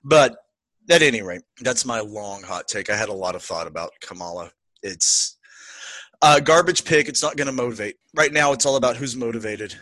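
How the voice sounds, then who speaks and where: A man co-hosting a podcast, chatting casually and with strong opinions about politics, often slipping into quick impressions of the people he talks about. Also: mid-range voice, dry recording. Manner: opinionated, animated, quotes people in put-on voices. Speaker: podcast co-host.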